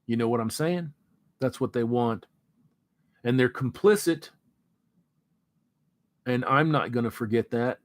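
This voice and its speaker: A man hosting a casual livestream, reading out viewer comments in a relaxed, rambling way before sliding into an earnest pep talk. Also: medium pitch, unhurried, long pauses, no echo. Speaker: livestream host.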